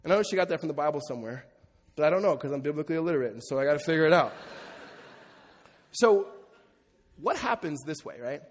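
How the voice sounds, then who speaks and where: A middle-aged man preaching a sermon as pastor, conversational and joking with his congregation. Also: fairly high pitch. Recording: long reverb of a large hall.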